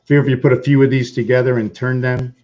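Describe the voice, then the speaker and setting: A man's voice: mid-range voice, little pitch movement, fast talker, a little mellow. A man hosting his own casual video, distracted and thinking aloud, repeating himself as he clicks around. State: losing his voice. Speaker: channel host. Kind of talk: rambling casual livestream talk. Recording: dull lo-fi recording.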